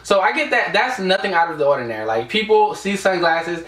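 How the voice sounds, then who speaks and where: A man's voice: high voice, animated, brisk, fairly bright tone, far from the mic. A young man from the United States telling a casual storytime vlog, rambling with lots of fillers. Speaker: vlogger. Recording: echoey room, away from the mic.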